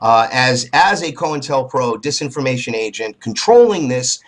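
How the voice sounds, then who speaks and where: A man's voice: mid-range voice, expressive, normal speed. A man hosting a talk show interview, speaking in an impassioned, emphatic way. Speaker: host.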